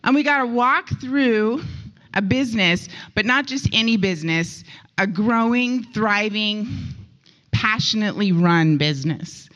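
A woman's voice: mid-range voice, unhurried, fairly bright tone, highs cut off. A woman hosting an event, introducing the next speaker on stage and asking the audience questions. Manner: upbeat, engages the audience with questions. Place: conference stage before a live audience.

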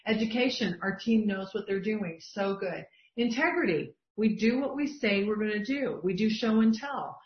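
A woman's voice: medium pitch, lively intonation, moderate pace, hardly any pauses. A middle-aged woman leading an online group coaching session, talking with emphatic enthusiasm as she reads from shared lists. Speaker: business coach. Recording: dull, roomy video-call audio.

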